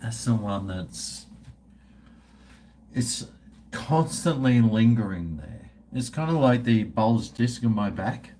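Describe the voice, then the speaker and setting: A man's voice: on the low side, animated, takes it slowly, warm tone, slight background noise. A man, chatting casually and profanely with his livestream viewers in a rambling way. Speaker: livestream host.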